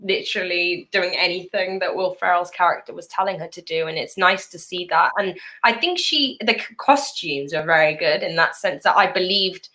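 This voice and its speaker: A woman hosting a casual chat, talking in a lively way, often laughing and jumping up in pitch. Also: normal speed, hardly any pauses. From Europe. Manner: chatty, laughing, animated pitch jumps. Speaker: YouTube host.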